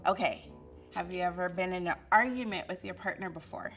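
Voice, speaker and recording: A woman's voice: lowish voice, a little fast, fairly bright tone, soft background music. A woman judging a lineup, asking suspects blunt, direct questions. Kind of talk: casual questioning.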